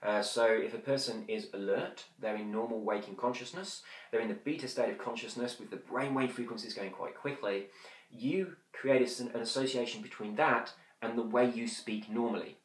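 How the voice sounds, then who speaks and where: A man teaching hypnosis in a quick, chatty way with many fillers, now and then slowing to a soft, drawn-out demonstration. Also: medium pitch. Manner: drops to slow whispery demonstrations. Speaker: hypnosis instructor. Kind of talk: conversational teaching. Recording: roomy echo.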